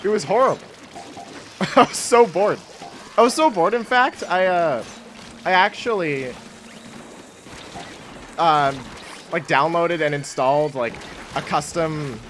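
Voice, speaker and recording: A man's voice: a little high, pushed and bright, a little hiss or hum. A young man from Canada chatting casually on a game live stream, rambling and self-mocking, laughing often. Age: young adult.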